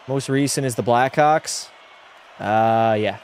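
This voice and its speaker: A man's voice: a little high, lively intonation, unhurried, darkish tone, slight background noise. Blunt young man streaming hockey. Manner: opinionated, blunt, reads chat aloud. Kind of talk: casual live-stream chat. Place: home room.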